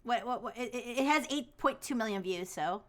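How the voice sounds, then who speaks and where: A woman's voice: a little high, normal speed, crowd noise. A woman livestreamer in casual chat who rambles, laughs often and says "like" a lot.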